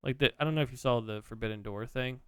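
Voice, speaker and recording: A man co-hosting a casual podcast, telling stories in an animated, rambling way. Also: medium pitch, fast, clear, resonant tone, no echo, studio quality. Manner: animated, rambling, laughs at his own stories. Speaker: podcast co-host. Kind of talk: casual chat.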